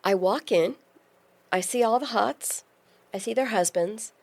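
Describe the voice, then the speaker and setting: A woman in her forties, a podcast guest, telling a lively personal story in casual conversation. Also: mid-range voice, measured pace. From California. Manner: lively storyteller, acts out quoted voices.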